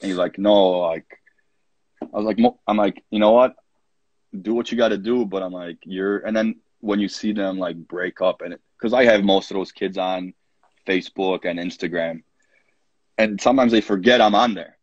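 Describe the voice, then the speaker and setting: A man in his thirties from Poland tells stories from his coaching days in a casual interview, acting out what he said with plenty of fillers. His voice sits low and a little husky. The sound is dry and somewhat muffled. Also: normal speed, no echo. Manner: animated anecdotes, acts out his own quoted lines, many fillers. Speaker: college soccer coach, podcast guest.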